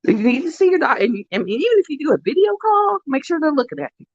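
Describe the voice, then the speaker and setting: A woman's voice: sits high, big pitch swings, fast, no room sound. A woman hosting a livestream, chatting casually with her viewers in a rambling, heartfelt storytelling way. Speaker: livestream host. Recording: dull, dry lo-fi sound.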